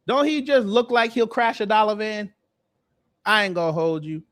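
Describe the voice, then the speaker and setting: A man's voice: high voice, moderate pace. Mocking slangy man hosting a roast. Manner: mocking, slangy, deadpan jokes. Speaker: host. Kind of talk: roasting commentary.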